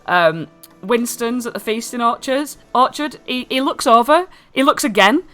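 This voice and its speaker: A woman's voice: a little high, lively intonation, moderate pace, a bit bright, faint music behind. A woman narrating a tabletop game as game master, describing scenes loosely with many fillers. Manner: rambling, filler-heavy description.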